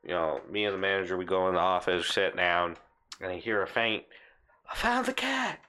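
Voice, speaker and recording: A young man telling a funny work story in casual chat, animated, laughing and swearing, acting out what people said. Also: sits low, a little fast, smooth. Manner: animated, laughing often, swearing, acts out quotes.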